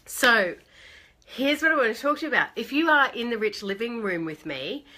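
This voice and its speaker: A woman's voice: a little high, animated, normal speed, pushed and bright. A woman hosting a casual live stream from her phone, chatting with viewers by name and laughing often.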